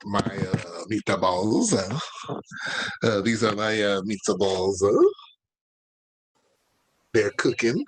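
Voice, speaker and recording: A man's voice: lowish voice, animated, slow, long pauses, slightly rough, rough recording. A man cooking in his home kitchen and chatting casually on a video call through his laptop, rambling along with plenty of fillers. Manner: rambling, laid-back, many fillers. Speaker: guest cook. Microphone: laptop mic on video call.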